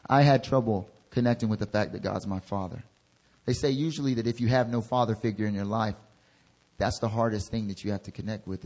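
Delivering a sermon, a young man serving as an intern pastor alternates between soft, low-voiced asides and loud, rousing exhortations.

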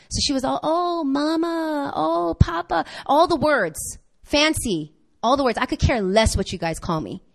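A woman pastor preaching a sermon, telling a church story with lively acted-out quotes. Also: fairly high pitch. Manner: animated storytelling, acts out quoted voices.

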